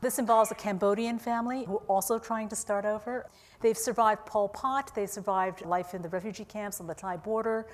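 A woman's voice: mid-range voice, fairly even intonation, fairly quick. Woman author reading in an echoing hall. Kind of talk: reading from her novel. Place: university auditorium.

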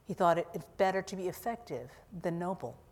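A woman author reading from her novel to an audience at a university in a calm, deliberate way. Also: on the low side, long reverb tail. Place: university auditorium.

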